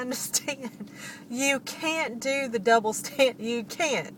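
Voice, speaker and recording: Middle-aged woman vlogger, slightly high voice, storytelling to camera, a little off-mic with faint traffic behind. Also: normal speed, far from the mic. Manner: animated, laughs often, addresses listeners directly. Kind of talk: personal storytelling.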